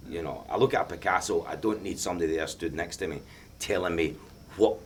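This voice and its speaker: A middle-aged Scottish film director with a Glaswegian accent answers questions after a film screening, speaking passionately and emphatically and repeating himself. His voice is deep and his pace quick. There's a little hiss or hum on the recording.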